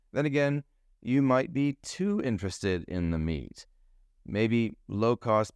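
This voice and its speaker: A man's voice: deep voice, darkish tone, smooth, no room sound, clean studio sound. A man hosting a solo podcast, a financial advisor talking in a chatty, jokey way. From New Zealand. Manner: chatty and jokey, food metaphors. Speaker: podcast host.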